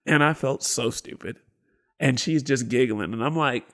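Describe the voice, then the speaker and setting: A man's voice: mid-range voice, moderate pace. A man, co-hosting a podcast and telling stories animatedly, acting out the people in them with sudden whispers and bursts of volume. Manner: animated storyteller, acts out quotes, sudden whispers and shouts. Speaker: podcast co-host. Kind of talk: casual storytelling chat.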